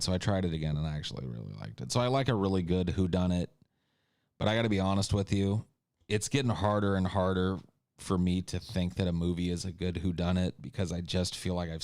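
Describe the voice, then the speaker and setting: Deep-voiced man in a crude comedic rant. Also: a little mellow, no room sound, studio quality. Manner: crude, joking, ranting. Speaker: podcast host. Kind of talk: casual comedic podcast chat.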